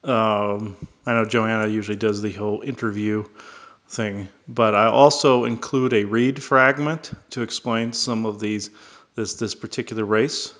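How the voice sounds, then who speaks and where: A man's voice: on the low side, steady tone, unhurried, a bit bright. A man casually introducing a channeling session, talking hesitantly with many fillers and restarts.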